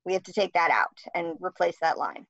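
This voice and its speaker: A woman's voice: on the low side, expressive, brisk, creaky, a bit bright, no echo. Blunt, wry woman guest, lo-fi. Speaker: guest author. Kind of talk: casual interview chat. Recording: dry, dull lo-fi sound.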